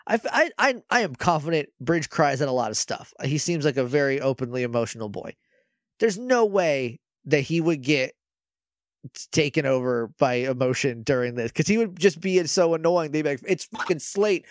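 A man co-hosting a casual podcast, retelling an episode in an animated, chatty way full of "like.". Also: a little high, moderate pace, dry recording, studio quality. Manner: animated, chatty, heavy use of "like", acts out quoted lines. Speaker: podcast co-host.

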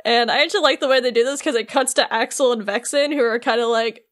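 A woman's voice: a little high, fast, a bit bright. A young woman co-hosting a podcast, casually recapping a story and peppering her talk with "like". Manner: chatty, peppered with "like". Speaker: podcast co-host.

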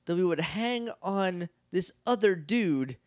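A man's voice: sits high, lively intonation, slow, no room sound, studio quality. A man co-hosting a podcast, recapping a show in casual chat, laughing often and acting out the scenes. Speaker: podcast co-host.

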